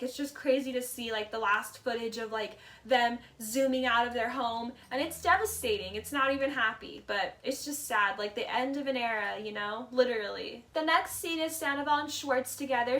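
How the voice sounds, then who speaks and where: In this casual video essay, a woman commenting on reality TV slips into mock voices to reenact quoted lines, her speech full of "like" and "literally." Her tone is high, bright, chatty and opinionated, and she sounds somewhat distant from the microphone.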